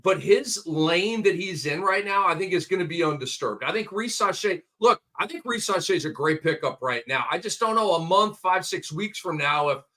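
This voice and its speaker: A man co-hosting a casual sports podcast, excitedly rattling off stat lines. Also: sits high, moderate pace, hardly any pauses. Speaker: co-host. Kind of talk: casual fantasy basketball podcast chat.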